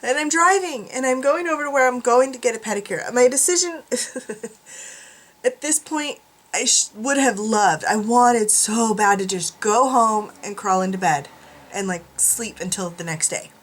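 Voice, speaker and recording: A woman's voice: fairly high pitch, a little slow. A woman vlogging from a room at home, chatting casually to camera in a self-mocking way, laughing often.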